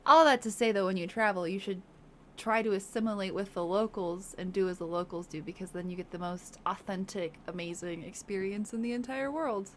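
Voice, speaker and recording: A woman's voice: medium pitch, fairly quick, slight background noise. A woman with a Southern US accent chatting casually on a livestream, laughing often. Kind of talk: casual chat.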